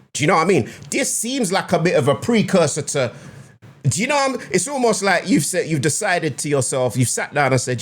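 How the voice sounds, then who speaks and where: A man's voice: a little high, big pitch swings, fairly quick. A man giving casual, slangy reaction commentary on a rap track, often repeating the lyrics back. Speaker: music reaction host. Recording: music playing behind. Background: rap track playing.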